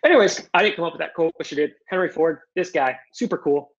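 A young man answering audience questions casually on a video call, loose and animated, with some swearing. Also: on the high side, fast talker. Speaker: guest speaker. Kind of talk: casual Q&A on a webinar. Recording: muffled lo-fi video call audio.

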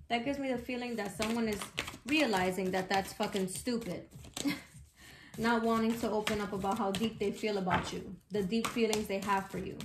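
A woman's voice: medium pitch, steady tone, normal speed. Chatty, outspoken woman reading tarot in an echoey room. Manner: chatty, slangy, outspoken, swears freely. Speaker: tarot reader. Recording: echoey room with background noise.

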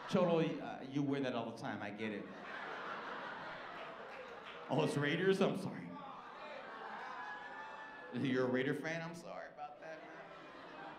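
A male stand-up comedian doing brash, profane, teasing crowd work on a club stage. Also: on the high side. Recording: echoey club with crowd noise.

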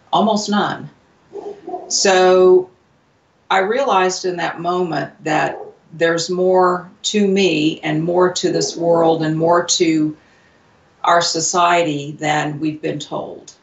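Slow, earnest woman telling her story. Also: fairly low pitch, steady tone, vocal fry. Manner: earnest, halting, many fillers and restarts. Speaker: radio show guest. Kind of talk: personal storytelling in an interview. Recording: distant, roomy, dull lo-fi sound.

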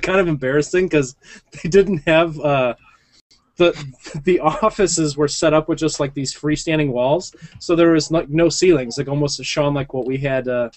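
Laughing, rambling podcast host. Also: male voice, a little high, no room sound. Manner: rambling storyteller, laughs often. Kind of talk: casual podcast chat.

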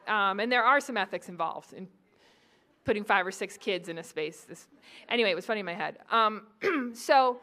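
A woman from the Boston area giving a lively, joking public lecture on psychology and speaking straight to the audience. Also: medium pitch. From New England, Boston area.

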